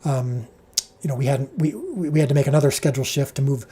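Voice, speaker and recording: A man who directs a show, telling an animated behind-the-scenes story on a livestream, full of restarts and fillers, his pitch leaping when he quotes people. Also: fast talker, husky. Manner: frequent restarts and filler words.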